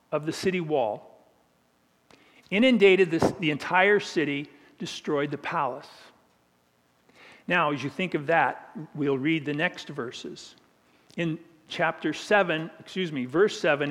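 A man with a fairly high voice preaching a sermon, conversational and vivid, with humorous asides. The recording has the long reverb of a large hall. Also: a bit bright.

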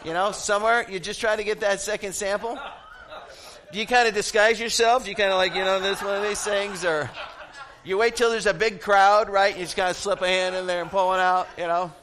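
A middle-aged man preaching a sermon, telling funny stories with animated energy and laughing at his own jokes. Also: high-pitched, brisk. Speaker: pastor.

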